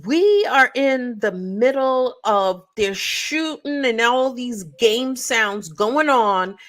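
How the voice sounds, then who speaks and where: A woman's voice: fairly high pitch, expressive, slow, hardly any pauses, a bit bright. A woman co-hosting a casual podcast, telling stories animatedly with playful sound effects. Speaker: podcast co-host. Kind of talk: casual chat.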